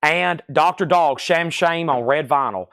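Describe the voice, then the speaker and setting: A man hosting a live record sale stream, briskly calling out titles, prices and buyers. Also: a little high, fairly bright tone, dry recording, studio quality.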